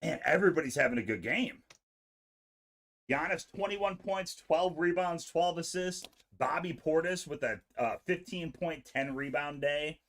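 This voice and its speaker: A man co-hosting a live sports stream in casual chat, excitable and blunt with his opinions. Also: a little high, measured pace. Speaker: co-host.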